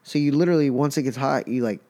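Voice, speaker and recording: A man's voice: medium pitch, fast talker, warm tone. Rambling guy saying dude a lot. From Texas. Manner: loose and rambling, says "dude" often. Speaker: podcast host. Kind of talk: casual chat.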